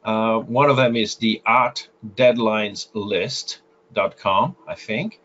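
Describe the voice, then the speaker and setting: A man's voice: fairly low pitch, slow pace, fairly bright tone, slight background noise. French-accented man, muffled audio. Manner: explanatory, frequent filler sounds and restarts. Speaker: guest photographer. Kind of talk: interview advice.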